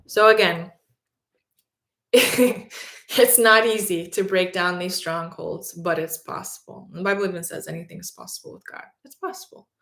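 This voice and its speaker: A woman giving a faith-based motivational talk, telling a personal story in an animated way and acting out the people in it. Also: fairly low pitch, normal speed. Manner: animated, acts out quotes, frequent "like". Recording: roomy echo.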